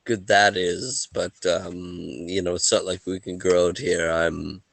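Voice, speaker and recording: Role: a man playing a humble merchant. Pitch: low. Pace: slow. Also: flat delivery, gravelly, dry recording, exaggerated voice. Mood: rambling. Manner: rambling, hesitant with fillers. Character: humble male merchant, chatty and easygoing. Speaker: game master voicing a character. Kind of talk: tabletop role-play.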